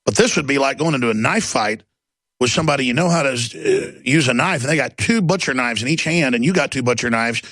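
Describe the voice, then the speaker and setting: A man's voice: mid-range voice, animated, brisk, a bit bright, no room sound. A middle-aged man ranting in a mocking, sarcastic monologue as a talk radio host.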